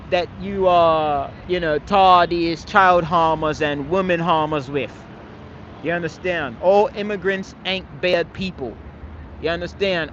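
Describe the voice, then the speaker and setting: A high-pitched man holds forth at an open-air speaking spot, hammering his points home and tossing in swear words. The sound is a little dull and lo-fi, with faint traffic rumbling behind him. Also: fairly bright tone. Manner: emphatic, repeatedly asks "you understand, man?"; swears casually. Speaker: street speaker at a public speaking corner. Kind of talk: outdoor street debate. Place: outdoors in a London park.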